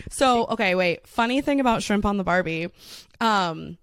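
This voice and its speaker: A woman's voice: medium pitch, lively intonation, clean tone. A young woman co-hosting a podcast, chatting casually and peppering her talk with "like.". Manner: chatty, fillers of "like", quick laughs. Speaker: podcast co-host. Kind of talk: casual chat.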